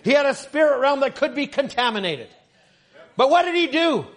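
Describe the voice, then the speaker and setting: A middle-aged male preacher giving a sermon, often stammering over his starts and building up to shouted lines. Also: very high-pitched, sing-song, moderate pace. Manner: stammering restarts, rising to shouts.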